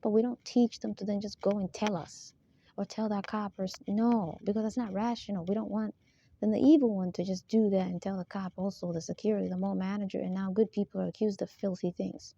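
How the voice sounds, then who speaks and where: A spiritual vlogger speaks in a steady, mellow, medium-pitched voice with vocal fry and a fairly quick pace. Her monologue rambles, and she keeps asking listeners to agree, laughing between points. The recording sounds dull, dry and lo-fi.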